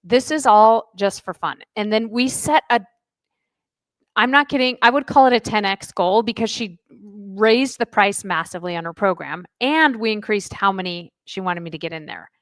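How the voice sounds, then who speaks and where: A woman's voice: medium pitch, moderate pace, no echo. Chatty middle-aged woman telling a story. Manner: chatty, animated storyteller who acts out dialogue. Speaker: life coach, podcast guest. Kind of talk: casual interview storytelling.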